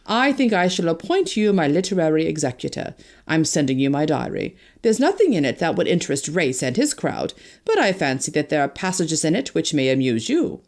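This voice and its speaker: A woman's voice: low-pitched, very animated, fairly quick, darkish tone, voice pushed down. A woman reading an audiobook, voicing a suave older male criminal who writes in a smug, mocking tone. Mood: smug, ironic. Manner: smug, ironic. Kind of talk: audiobook narration.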